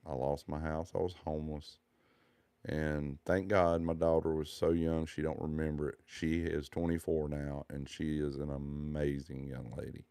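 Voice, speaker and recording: A man's voice: a bass voice, little pitch movement, normal speed, mellow, clear, resonant tone, no echo. A man, telling his personal testimony in an earnest, heartfelt, rambling way.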